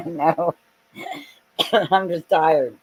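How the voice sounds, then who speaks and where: A man's voice: fairly high pitch, fairly even intonation, very slow, breathy edge. A man from the USA in a casual live-stream chat, sounding tired and laid-back.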